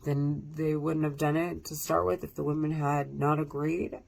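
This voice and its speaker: Low gravelly woman, agitated and profane. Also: level tone, moderate pace, darkish tone. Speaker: vlogger. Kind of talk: casual monologue to camera.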